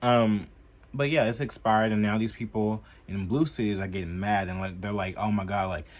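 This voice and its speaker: A young man giving heated, profane political commentary in a casual vlog, filling his talk with "like" and getting loud as he goes. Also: moderate pace. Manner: heated and profane, heavy use of "like"; animated, jumping in pitch and loudness.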